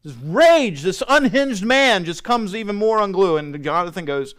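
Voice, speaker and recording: Smooth-voiced pastor telling a Bible story. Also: male voice, high voice, lively intonation, normal speed, hardly any pauses, fairly bright tone. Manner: conversational storytelling with acted-out dialogue. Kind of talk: Bible study teaching.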